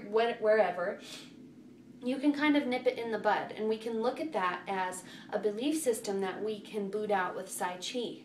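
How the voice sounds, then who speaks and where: A woman's voice: fairly high pitch, slight background noise. Encouraging woman coach, echoey room. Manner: earnest and encouraging, many fillers. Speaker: self-love coach. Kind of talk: casual advice vlog. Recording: echoey room, far from the mic.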